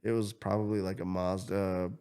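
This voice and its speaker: Male podcast host, lively storyteller who swears a lot and voices his characters. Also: sits low, normal speed, smooth. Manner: animated, swears freely, acts out quotes. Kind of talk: casual storytelling chat.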